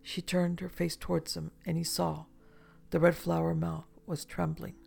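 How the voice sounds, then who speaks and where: Gravelly, flat audiobook narrator. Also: medium pitch, soft background music. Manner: measured, even storytelling.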